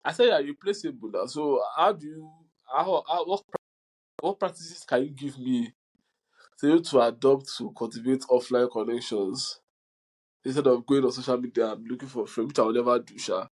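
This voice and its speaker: A man's voice: mid-range voice, normal speed, low-quality recording. A young man, hosting a podcast in casual chat and telling stories animatedly with frequent laughter. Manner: animated storyteller, laughs often. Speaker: podcast host.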